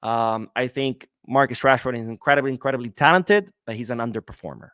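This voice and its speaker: A man hosting a casual solo podcast, reading viewer comments and answering them in an animated, outspoken way, sometimes swearing. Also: medium pitch, fast, smooth, no room sound, clean studio sound. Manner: animated, talks back to viewers, swears when worked up. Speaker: podcast host. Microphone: webcam setup, talking to camera.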